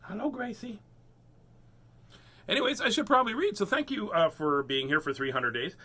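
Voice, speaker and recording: A man's voice: sits high, lively intonation, moderate pace, sharp tone. A man hosting a children's reading stream, chatting in a goofy, sing-song way and laughing often. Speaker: host reading children's books. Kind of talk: playful live-stream chat.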